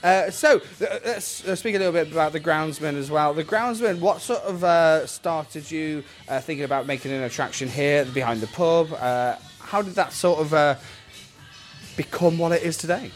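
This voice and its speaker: A man's voice: on the high side, moderate pace. A man hosting on location, upbeat and heavy on fillers as he interviews guests. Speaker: host, reporter. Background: faint music.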